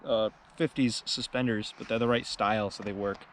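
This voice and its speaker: A man's voice: fairly low pitch, steady tone, normal speed. A man chatting casually on camera in an outdoor trench, rambling and self-deprecating. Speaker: fellow reenactor, guest.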